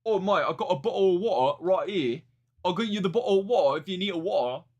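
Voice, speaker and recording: A man's voice: animated, quick pace, a little mellow, dull audio. A man putting on an exaggerated British accent to mock an eager young bloke offering water. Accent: put-on British. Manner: exaggerated, high-pitched mockery.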